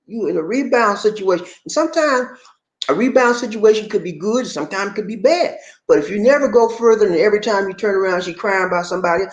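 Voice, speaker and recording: A man host giving casual relationship advice, animated and repetitive, talking straight to the viewer. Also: on the high side, echoey room, low-quality recording.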